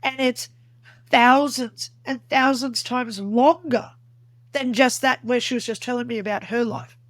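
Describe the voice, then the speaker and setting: Woman guest telling her story in an interview, kinda high voice, dry close sound, earnest and detailed. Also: steady tone, a little slow, dry recording. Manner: earnest, vivid storytelling that acts out remembered dialogue. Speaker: podcast guest. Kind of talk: recounting a personal experience in an interview.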